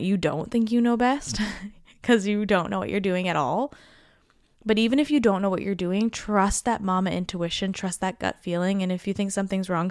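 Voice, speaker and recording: A woman's voice: medium pitch, clear, resonant tone, no room sound, studio quality. A young adult woman hosting a solo podcast, speaking in an earnest, heartfelt and enthusiastic way. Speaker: podcast host.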